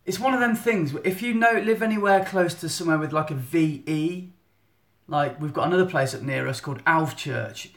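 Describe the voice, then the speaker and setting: On the high side and a little fast, with a fairly bright tone, an Englishman chats through his monthly photography live update. The phone sits at arm's length in an echoey room at home as he rambles a bit and keeps interrupting himself.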